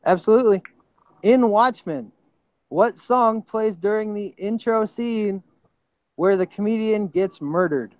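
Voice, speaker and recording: A man with a high, smooth voice runs a movie trivia quiz, reading each question out and shouting his delight at a good answer. He is quick to apologize when he flubs a name, and the sound is close and dry. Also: no room sound. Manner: excitable, apologetic about slips. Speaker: quiz host.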